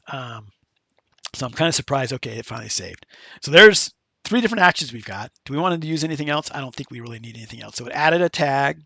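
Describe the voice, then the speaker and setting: A man hosting a casual screen-share software tutorial, chatty and loose, with many fillers and restarts. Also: medium pitch, fast talker, vocal fry, dry recording. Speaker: tutorial host.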